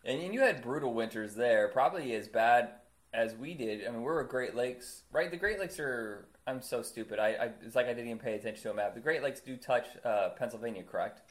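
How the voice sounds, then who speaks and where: A man's voice: mid-range voice, expressive, fairly quick. A man from Indiana in his thirties, telling stories in casual chat, swearing freely and acting out voices. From Indiana, USA.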